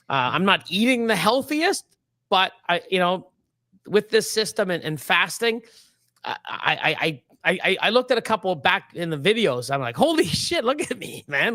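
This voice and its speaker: A man in his fifties hosts a casual chat in a slightly high voice. His talk rambles and swears, with frequent laughs. The sound is close and dry. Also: pushed and bright, no room sound. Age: 50s. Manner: rambling, profane, laughs often. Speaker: livestream host.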